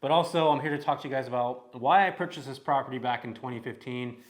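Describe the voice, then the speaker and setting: Young Californian guy, casual upbeat vlogger, mid-pitched and chatty. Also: fast talker. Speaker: real estate vlogger. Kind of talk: casual vlog to camera.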